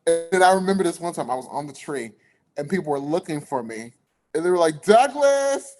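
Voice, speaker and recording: A man's voice: a little high, quick pace, music in the background. A young man, a singer guest, telling stories in a casual interview chat and laughing often.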